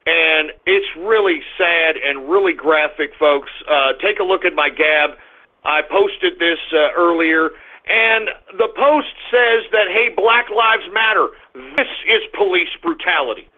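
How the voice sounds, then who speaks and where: A man's voice: a little high, unhurried. Ranting man on a tinny line. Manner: ranting, profane, loud outbursts. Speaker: radio show host. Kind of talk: call-in talk radio monologue. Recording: tinny phone-line sound.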